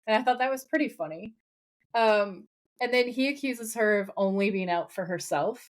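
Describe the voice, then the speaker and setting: Woman on a podcast, middle voice, excitedly walking thru an episode and doing the lines. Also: mid-range voice, moderate pace. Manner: animated retelling, acts out quoted lines, swears casually. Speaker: podcast co-host. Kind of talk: casual chat recapping a TV episode.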